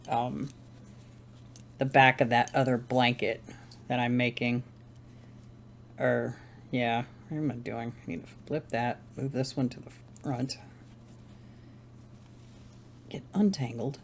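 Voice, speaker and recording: A woman hosting a crafting channel, chatting casually at home while she knits, rambling and correcting herself as she thinks aloud. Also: very deep voice. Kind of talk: casual chat while knitting.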